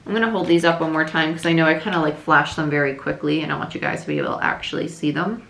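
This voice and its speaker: A woman giving a casual, chatty tarot reading to camera, thinking aloud with fillers, a little hoarse. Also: low-pitched, lively intonation, fast, a bit bright, reverberant, a little hiss or hum. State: slightly losing her voice. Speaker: tarot reader.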